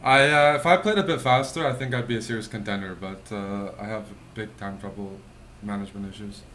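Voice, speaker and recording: A man talks through his chess moves as he plays, musing and critical of himself. His voice is bright and forceful. A faint noise hums behind him. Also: on the low side, brisk. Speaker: chess player. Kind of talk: thinking aloud while playing.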